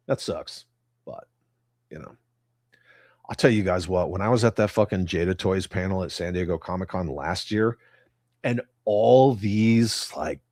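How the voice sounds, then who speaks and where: A middle-aged man with a fairly low voice hosts a casual livestream, reading out viewer comments. He rants bluntly and swears freely. His voice sounds dry and close. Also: no echo. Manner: blunt and profane, ranting. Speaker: livestream host.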